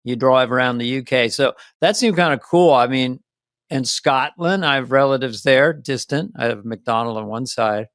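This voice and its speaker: A man co-hosting a podcast in casual chat, talking in an animated, playful way and slipping into quick impressions. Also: medium pitch, dry recording, clean studio sound. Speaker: podcast co-host.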